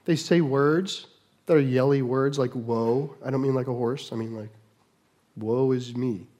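A middle-aged man preaching a sermon, moving between loud mock shouts and quiet asides. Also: mid-range voice, fairly even intonation, moderate pace. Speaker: pastor.

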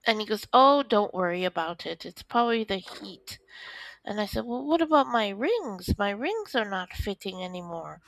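A woman telling her own story in an interview, with lively, acted-out dialogue. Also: medium pitch, normal speed, dry recording, rough recording. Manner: animated storytelling, acts out quoted dialogue. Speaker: interview guest. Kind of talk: recounting a personal story.

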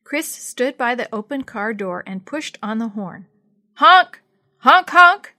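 A woman reading a children's storybook aloud in a clear, expressive scripted narration. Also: fairly high pitch, a little slow, no echo, studio quality.

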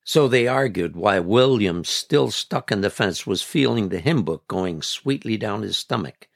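Gravelly man telling a story. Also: on the low side, expressive, unhurried. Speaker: storyteller, podcast reader. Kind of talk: scripted story narration. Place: community radio studio. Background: faint background music.

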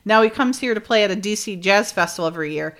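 A middle-aged woman chats casually as a co-host, retelling a story with lively energy. She acts out quoted lines and laughs often as she talks. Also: medium pitch, quick pace. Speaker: podcast co-host. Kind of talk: casual recap chat.

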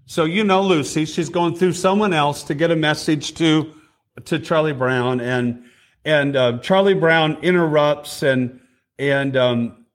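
A middle-aged male preacher with a slightly raised pitch, telling stories and putting questions to the congregation. He talks the way a pastor does from the pulpit of a church sanctuary. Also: unhurried. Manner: storytelling, addresses congregation directly with questions. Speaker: district superintendent preaching. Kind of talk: sermon.

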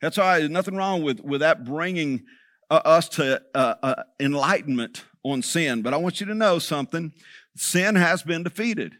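A man's voice: on the high side, lively intonation, moderate pace, fairly bright tone, no echo, clean studio sound. A man preaching a sermon as pastor, talking conversationally and checking in with the congregation.

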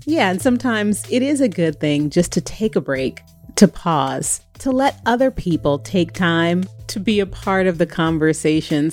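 A woman co-hosting a podcast about family and motherhood, talking casually and closing the episode. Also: lowish voice. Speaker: podcast co-host.

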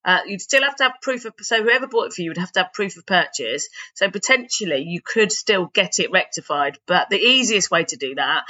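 Bright-voiced British woman explaining. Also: on the low side, expressive, fairly quick, few pauses, highs cut off. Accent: British English. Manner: explains patiently, laughs easily. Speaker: podcast co-host, consumer rights expert. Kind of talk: casual chat.

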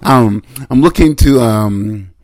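A man's voice: fairly low pitch, takes it slowly. A man co-hosting a podcast in casual banter, joking around and playing up silly bits. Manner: joking, animated, tries silly accent impressions. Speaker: co-host.

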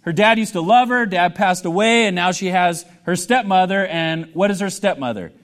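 A man's voice: high-pitched, normal speed, fairly bright tone. A male pastor preaching a sermon in a conversational way, asking the congregation questions and joking with them.

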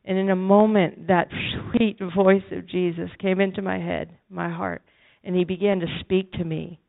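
A woman's voice: lowish voice, level tone, measured pace, creaky. Woman, sermon, pleading, impassioned, narrow phone-like audio. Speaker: preacher.

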